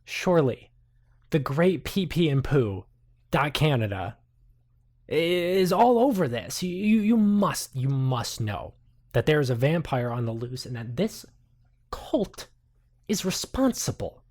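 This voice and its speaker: A man's voice: a little high, very animated, measured pace, a little mellow. A man doing a stammering, nervous male vlogger. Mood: eager. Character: flustered male vlogger with slick hair.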